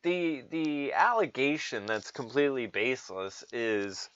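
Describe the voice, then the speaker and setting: Male commentator, slow drawling sarcastic rant, swearing, dull low-fi sound. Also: a bit bright, a little hiss or hum. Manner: sarcastic, profane, mocking voices. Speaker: political commentator. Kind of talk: ranting political commentary.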